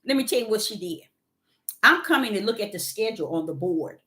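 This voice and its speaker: Animated woman telling a story. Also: medium pitch, brisk. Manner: animated, exclaiming, acts out quotes loudly. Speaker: vlogger telling a workplace story. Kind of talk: casual storytelling vlog.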